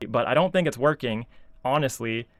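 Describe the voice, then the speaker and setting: A man's voice: medium pitch, moderate pace, fairly bright tone, dry recording. A man ranting casually as a video commentator, sarcastic and exasperated, full of filler words. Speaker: YouTube commentator.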